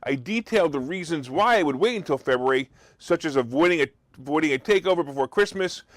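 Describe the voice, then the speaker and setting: Animated and quick, a man with a voice on the high side delivers an opinionated talk show monologue, tossing in sarcastic, mocking asides and questions of disbelief. The recording is dry.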